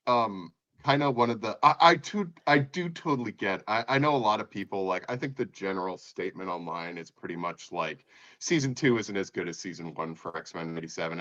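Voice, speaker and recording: A man's voice: low-pitched, fairly bright tone, no room sound, muffled recording. A man co-hosting a casual pop-culture podcast, rambling eagerly with restarts and laughs. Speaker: podcast co-host. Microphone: remote podcast mic.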